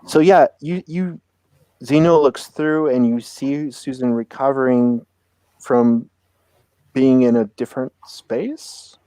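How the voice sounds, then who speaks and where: A man's voice: medium pitch, steady tone, takes it slowly, mellow, smooth, no room sound. A man narrating as game master of a tabletop roleplaying game, describing scenes and asking players what they do.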